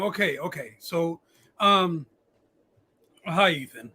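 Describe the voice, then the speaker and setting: A man's voice: sits high, unhurried, long pauses, sharp tone. A man hosting a casual live-streamed podcast, swearing often and restarting his sentences. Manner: profane, rambling, stammering restarts. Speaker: podcast host.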